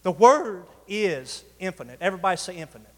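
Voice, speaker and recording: High-voiced preacher in an echoing church. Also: male voice, very animated, fairly bright tone. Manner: preaching with call-outs to the congregation, drawn-out emphasis. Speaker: pastor. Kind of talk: sermon. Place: church sanctuary. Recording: reverberant church hall.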